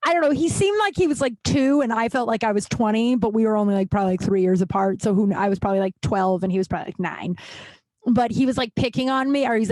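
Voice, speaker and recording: A woman's voice: mid-range voice, dry recording. A woman in her thirties hosting a podcast, telling childhood stories in a chatty, rambling way full of "like" fillers. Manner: chatty, lots of "like" fillers, animated retelling. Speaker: podcast host. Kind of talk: casual storytelling monologue.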